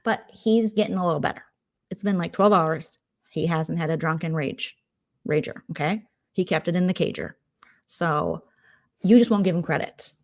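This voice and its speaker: A woman's voice: fairly low pitch, moderate pace, a little mellow, close to an everyday voice. A woman voicing a placating, condescending woman who brushes off complaints. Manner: dismissive, condescending. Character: placating woman defending a man.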